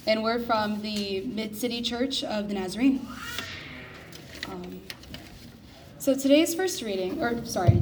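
A woman reading a Bible passage and a poem aloud at a church service in a careful, measured way. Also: mid-range voice, mellow. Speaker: scripture reader. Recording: distant mic with faint noise.

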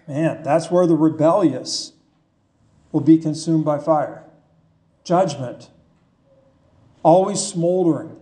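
A man delivers a sermon at an unhurried pace, his voice sitting high. He talks in a plain, conversational way and keeps putting questions to his listeners. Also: a little mellow. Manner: slow, conversational preaching with rhetorical questions. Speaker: pastor.

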